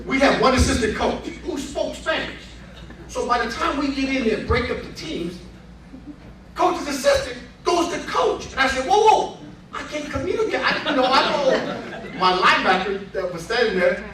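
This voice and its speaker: A man telling a lively story at a reunion event, acting out the voices of the people in it and laughing along. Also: very high-pitched, moderate pace, background noise. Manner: animated, laughing storyteller who acts out quotes. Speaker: honoree giving a speech. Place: banquet room with crowd. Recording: roomy hall, far from the mic. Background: crowd murmur and laughter.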